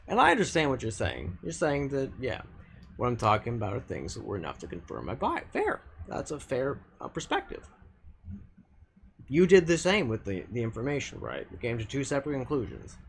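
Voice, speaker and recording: A man streaming from home, arguing with his chat in a blunt, loose way. He swears freely and restarts his sentences. His pitch moves up and down a lot as he argues. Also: huge pitch swings, fairly quick, gravelly, a little hiss or hum. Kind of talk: casual live-stream chat.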